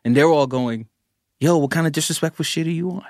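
Storyteller, male, animated; dry close sound, jumps high when quoting others. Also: fast, no room sound. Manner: animated, acts out other people's quotes with big pitch jumps. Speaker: guest recounting a story. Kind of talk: casual anecdote.

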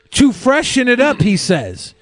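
High-voiced man reading with mock solemnity. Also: heavy background noise. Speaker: podcast co-host. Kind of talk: comedic podcast banter.

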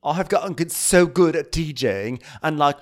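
A man's voice: a little high, moderate pace, close to an everyday voice. A man putting on a cocky reality-show man bragging about how good he has gotten.

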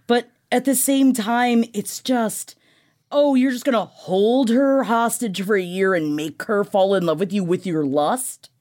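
A woman's voice: medium pitch, measured pace, a little mellow. A woman co-hosting a podcast, chatting casually and bluntly, laughing often. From Polish-American heritage. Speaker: podcast co-host. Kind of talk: casual chat.

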